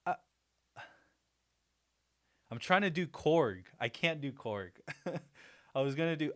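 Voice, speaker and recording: A man's voice: mid-range voice, lively intonation, unhurried, long pauses. A man hosting a casual livestream, chatty and self-deprecating, laughing often as he talks to his viewers. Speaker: livestream host.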